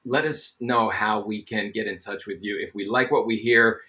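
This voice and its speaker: A middle-aged man hosts a live online show with a bright, forward tone. He talks in a friendly, loose way, fills gaps with ums and greets viewers by name. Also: on the low side, fairly even intonation, normal speed, a little hiss or hum. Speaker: show host. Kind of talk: live webcast host chat.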